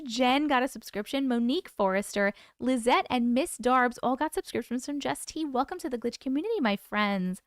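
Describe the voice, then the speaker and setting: A woman's voice: on the high side, lively intonation, normal speed, few pauses, dry recording, clean studio sound. A woman hosting a casual livestream, reading out viewer comments and greeting people by name in a chatty, affectionate way. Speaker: livestream host.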